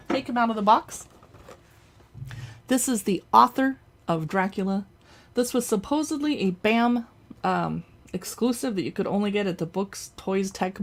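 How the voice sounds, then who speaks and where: A woman hosting a casual show-and-tell, chatting playfully while she handles books and toys. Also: mid-range voice. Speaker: host showing books and collectibles. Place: indoors at home in front of a backdrop.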